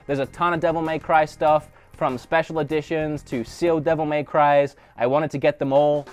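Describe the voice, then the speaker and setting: A man's voice: on the high side, fairly even intonation, moderate pace, darkish tone, clear, resonant tone, faint music behind. A man with an Australian accent giving a casual, rambling tour of his game room, often correcting himself, recorded on a handheld camera. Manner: rambling, chatty, self-correcting. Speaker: gaming channel host.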